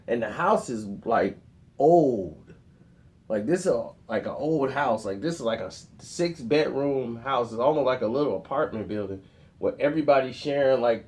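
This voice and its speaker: A man telling a funny personal story in a casual, animated way, laughing often. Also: medium pitch. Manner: animated, laughs often, acts out others' lines.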